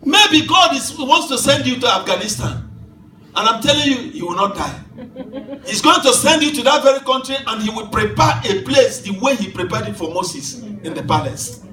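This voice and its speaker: A man in his fifties preaching a sermon as pastor, swinging from soft asides to shouted declarations and laughing through his stories. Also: high-pitched, lively intonation, normal speed, slight background noise. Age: 50s. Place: church hall. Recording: echoey church hall from far off, with music.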